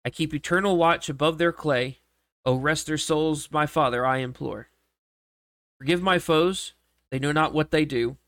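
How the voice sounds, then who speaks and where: A man's voice: a little high, fairly bright tone, dry recording. A man giving a mournful, solemn recitation of a long devotional poem, stumbling and restarting now and then. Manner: slow, mournful reading with occasional slips and restarts. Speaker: reader.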